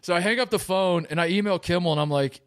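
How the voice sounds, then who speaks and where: A man's voice: high voice, fast talker, a bit bright, smooth. A man as a podcast guest, telling a story in casual chat, rambling with lots of "like"s and restarts.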